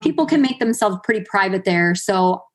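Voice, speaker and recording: Animated and at normal speed, her medium-pitched voice carries a chatty personal story she's sharing as a podcast guest. She's in her thirties and leans heavily on fillers and quoted asides.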